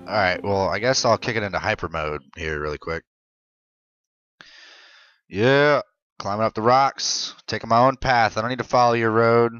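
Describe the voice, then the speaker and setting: A young man hosting a gaming channel, giving casual commentary while he plays and cursing back at the characters in an excitable way. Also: lowish voice, moderate pace, long pauses, smooth, no echo, dull audio, faint music behind. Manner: excitable, profane, talks back to the game characters.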